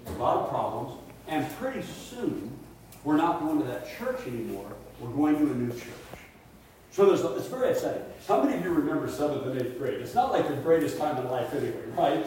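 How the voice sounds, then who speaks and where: A middle-aged man preaches at a retreat, telling a personal story with animated swings and hushed asides. His voice sits a bit high for a man. He is recorded from a distance in a very echoey room with faint hiss. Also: brisk. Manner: animated storyteller, drops to hushed tones for quoted family.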